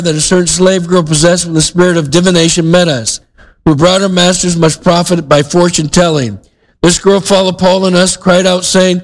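A man's voice: high-pitched, low-quality recording. Conversational male pastor preaching. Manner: conversational preaching with frequent restarts and asides. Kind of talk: sermon.

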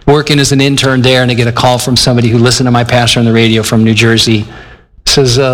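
This sermon comes from an older Michigan pastor whose medium-pitched, fairly bright voice moves fast with little pitch variation. Speaking in a reverberant hall, he's earnest and conversational, voicing the dialogue going on in his own head.

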